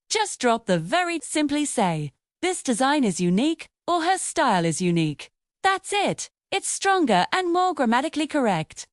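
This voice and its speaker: A woman narrating a scripted English lesson, explaining grammar clearly and patiently with sing-song emphasis. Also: on the high side, no room sound, studio quality. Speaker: English teacher.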